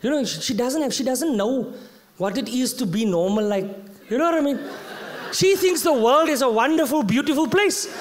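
A South African man performing stand-up, with a voice that sits high for a man. He tells animated stories and drops Afrikaans slang into his English. Faint ambience hangs behind him at the live venue. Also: normal speed, a little hiss or hum. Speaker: stand-up comedian.

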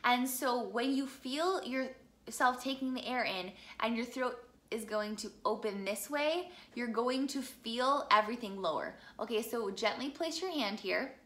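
A woman's voice: fairly high pitch, a little slow, fairly bright tone. A young woman from the Midwest teaching a singing lesson, chatty and encouraging as she walks through vocal exercises. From American Midwest.

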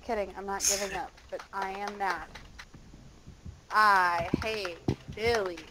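A woman's voice: medium pitch, fairly even intonation, takes it slowly, noisy background. A woman chatting casually during a multiplayer game, full of sarcastic, joking complaints. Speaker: gamer.

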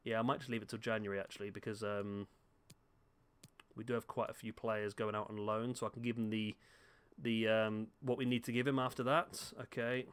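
Speaking fairly quickly in a low-ish, level voice that's clear and resonant, a man comments on a football game from a room at home. As a gaming YouTuber, he's chatty, addresses the on-screen players and makes fun of himself.

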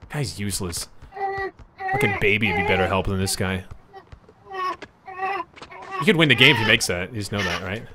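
A young man streaming a basketball video game, muttering and then yelling in frustration at a useless teammate. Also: deep voice, a little hiss or hum. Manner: frustrated, ranting and swearing at a teammate; swings between muttering and yelling. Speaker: gaming streamer. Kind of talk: live gameplay commentary.

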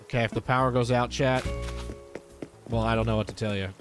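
A male streamer chatting casually and excitedly while playing a game, often swearing when surprised. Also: medium pitch, brisk. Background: game music.

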